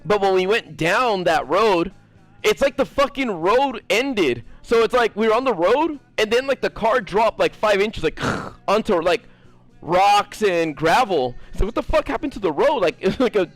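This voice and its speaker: A man's voice: high voice, animated, moderate pace, fairly bright tone, dry recording, faint music behind. A man casually telling a rambling story to his viewers, full of fillers and swearing. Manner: rambling, profane, lots of fillers. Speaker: gaming streamer.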